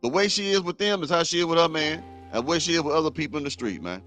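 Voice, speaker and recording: Brief: male reaction host, blunt heated rant, a bit high-voiced, soft music bed underneath. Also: racing. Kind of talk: commentary rant.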